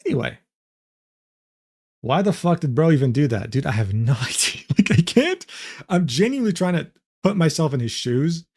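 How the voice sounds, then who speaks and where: Animated, incredulous young male streamer. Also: on the high side, normal speed. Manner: incredulous, swearing, laughs often. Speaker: streamer reacting to a clip. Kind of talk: casual reaction commentary.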